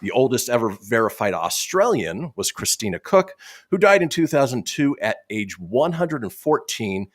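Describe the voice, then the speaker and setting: A male radio host reads quirky news stories and slips jokes in between them. His pitch swings widely as he talks. The sound is dry and close to the mic. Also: big pitch swings, normal speed, no room sound. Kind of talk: reading news stories on a comedy talk show.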